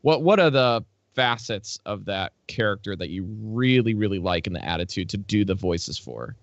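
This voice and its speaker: Guy cohosting, low voice, rambly questions, dry lo-fi recording. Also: expressive, moderate pace, vocal fry, dry recording. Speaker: podcast co-host. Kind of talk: casual interview chat.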